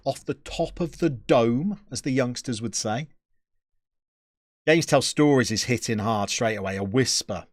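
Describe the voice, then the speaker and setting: A man's voice: mid-range voice, a little slow, dry recording, clean studio sound. A man, chatting casually as a streamer and answering his live chat with joking, opinionated banter.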